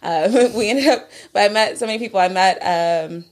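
A woman's voice: mid-range voice, fairly quick. A woman in her twenties, a podcast co-host, rambling through stories in casual chat with many fillers and giggles.

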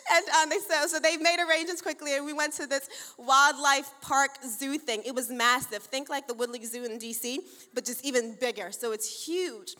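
Her voice sits high, bright and forceful, steady in tone at a moderate pace with hardly any pauses. This woman pastor in her thirties opens her sermon with church announcements and storytelling, playful, chatty, laughing often and acting out dialogue. The big auditorium lends a reverberant hall sound.

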